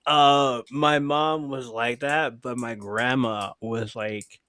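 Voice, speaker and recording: A podcast host with a smooth, mid-range voice talks slowly on a live show, swearing freely as he animatedly retells family stories and reads viewer comments aloud in casual chat. There is no echo.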